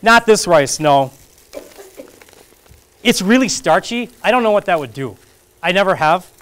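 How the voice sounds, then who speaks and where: A high, somewhat bright male voice, animated yet a little slow. He's demonstrating a recipe at a community kitchen classroom in a casual, jokey class, narrating each step as he cooks and keeping up a chatty, self-mocking banter.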